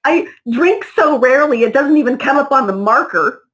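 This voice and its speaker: A woman's voice: sits high, lively intonation, moderate pace, a bit bright, poor audio. A woman who is a mother, an interview guest telling a personal story with feeling and acting out the dialogue in it. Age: adult mother. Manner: vivid, acts out dialogue in her retelling.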